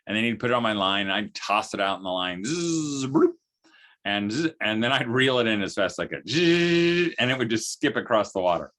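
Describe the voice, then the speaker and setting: A man's voice: fairly low pitch, fast, few pauses, pushed and bright. A man giving a folksy, humorous storytelling talk to parents, full of vocal sound effects. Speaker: speaker at a homeschooling event.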